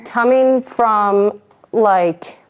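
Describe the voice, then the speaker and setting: Earnest young woman guest, relaxed talk. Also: mid-range voice, drawn-out words, clear, resonant tone, muffled recording. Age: young adult. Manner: relaxed, earnest, repeats phrases. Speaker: podcast guest. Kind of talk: casual chat.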